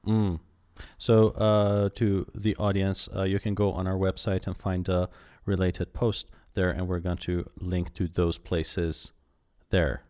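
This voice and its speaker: A man's voice: low voice, flat delivery, takes it slowly, darkish tone. A man co-hosting a podcast, making brief, dry remarks. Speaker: podcast co-host. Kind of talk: casual chat.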